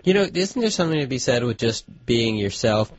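A man's voice: medium pitch, sing-song, fairly quick, no room sound. A man playing the straight man in an improvised comedy sketch, hesitant and stammering as he pushes back. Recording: dry, dull lo-fi recording.

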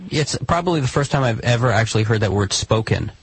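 A man in a comedic sketch, producing a recording, talking in halting, repeated starts while gently insisting. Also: medium pitch, expressive, husky, low-quality recording.

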